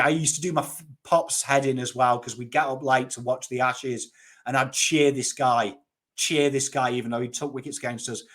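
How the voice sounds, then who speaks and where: A cricket YouTuber in his thirties from Northern England chats casually and enthusiastically about the sport in a Yorkshire accent. He's blunt and a bit sweary, with a medium-pitched, slightly bright voice.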